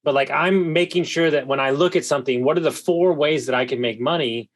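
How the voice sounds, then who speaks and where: A man hosting a podcast interview, talking in an emphatic, excitable way with quick restarts. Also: on the high side. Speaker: podcast host. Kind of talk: conversational interview.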